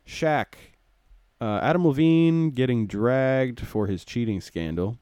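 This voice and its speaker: A man's voice: mid-range voice, takes it slowly, darkish tone, clean tone, dry recording. A man hosting a solo comedy podcast, rambling crudely and joking, muttering to himself as he reads headlines. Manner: crude, joking, mumbles to himself while browsing. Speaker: podcast host.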